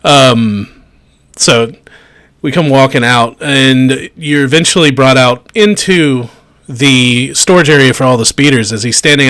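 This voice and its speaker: A man's voice: medium pitch, fairly bright tone. A man narrating a tabletop game as game master, chuckling and amused, over a video call.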